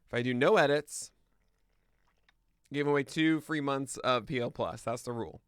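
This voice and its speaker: Man, podcast host, american, casual and chatty, smooth clear voice, dry close mic. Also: mid-range voice, moderate pace, no room sound. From United States. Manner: chatty and self-deprecating, laughs at own jokes. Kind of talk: casual live-stream chat, then news rundown. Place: home studio, streaming live.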